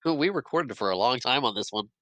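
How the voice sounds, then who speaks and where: A man's voice: medium pitch, animated, fairly bright tone, dry recording, rough recording. A man co-hosting a podcast, chatting casually about a film and laughing often. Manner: laughs often, with halting restarts. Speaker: podcast co-host.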